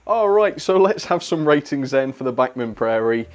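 A man's voice: medium pitch, animated, normal speed. Chatty British man reviewing model trains. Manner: chatty, laughs often, blunt opinions. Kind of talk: casual video review.

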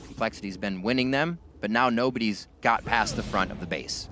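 A man doing play-by-play commentary on an esports match, whose voice jumps high and loud when fights break out. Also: fairly quick, slight background noise. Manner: erupts into high-pitched excitement during fights. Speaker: esports caster.

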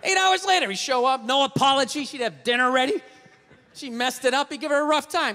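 Brief: male comic, loud profane ranter, sharp bright voice, live in a big reverberant room with faint noise. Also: extremely high pitch, brisk. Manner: loud, ranting, swearing, shouting punchlines. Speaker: stand-up comedian. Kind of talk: stand-up comedy set. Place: comedy stage before a laughing audience.

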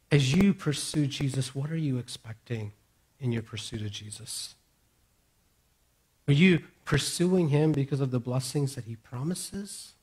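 A man preaching a sermon as pastor, moving between raised, emphatic declarations and hushed, near-whispered reassurances. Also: medium pitch, breathy edge.

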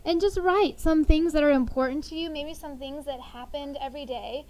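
A middle-aged woman teaching a sixth grade class, talking lively and telling funny family stories to the students. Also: high voice, normal speed, poor audio. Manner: lively, animated storytelling. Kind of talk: classroom lesson with storytelling.

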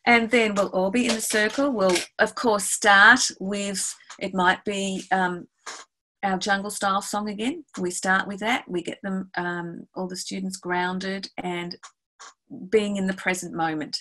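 Lively woman music teacher giving a webinar. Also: medium pitch, a little slow, slight background noise, poor audio. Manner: lively, explains step by step, acts out classroom exchanges. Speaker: music educator presenting a webinar.

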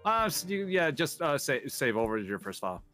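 Rambling male co-host, very animated pitch. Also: soft background music. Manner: rambling, halting plugs. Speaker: gaming podcast co-host. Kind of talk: casual gameplay banter.

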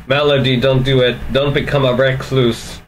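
A man hosting a reaction video, talking in a rambling, relaxed, chatty way. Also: mid-range voice, normal speed, over music, poor audio. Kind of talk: casual reaction commentary.

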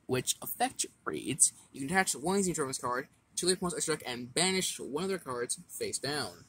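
A man casually walking through his card game deck, reading effects aloud in a halting way with stumbles and restarts. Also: medium pitch, lively intonation, pushed and bright, husky.

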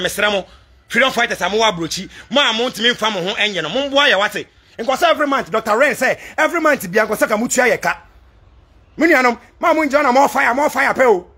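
A Ghanaian man delivering a fiery vlog rant to supporters, switching between Twi and English and breaking into shouts. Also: very high voice. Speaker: political commentator addressing supporters abroad.

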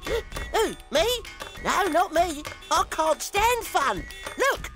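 A woman voicing a whiny, grumpy little male goblin who pleads and whines in a cartoon, with loud music underneath. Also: very high voice, very animated, very slow, heavily acted. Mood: whining. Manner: whining, pleading. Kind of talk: cartoon voice acting.

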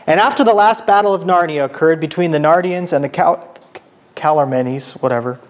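A man's voice: a little high, fast. A man giving a casual church lecture, informal and self-correcting, asking the audience questions and reading aloud. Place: church hall.

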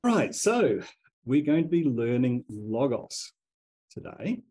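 A man's voice: medium pitch, big pitch swings, slow pace, dark tone, rough recording. A man teaching a language class, enthusiastically leading the group through chanted call-and-response drills.

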